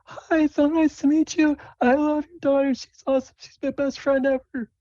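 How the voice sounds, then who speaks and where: Man voicing a squeaky excitable druid girl, high and bouncy, dry muffled recording. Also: moderate pace, no echo. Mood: bubbly, eager. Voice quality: squeaky and gushing. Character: excitable young female druid, best friend.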